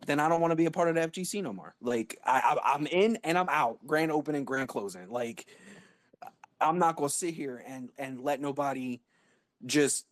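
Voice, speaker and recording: A man in his thirties, a guest speaker in a live online audio room, talks emotionally in a voice on the high side. He is blunt and profane, driving points home by repeating words and restarting sentences. There is no echo.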